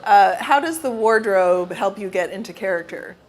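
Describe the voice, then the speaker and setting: A woman's voice: medium pitch, expressive, moderate pace. Casual woman interviewer asking questions. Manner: casual, hesitant, starts with "uh".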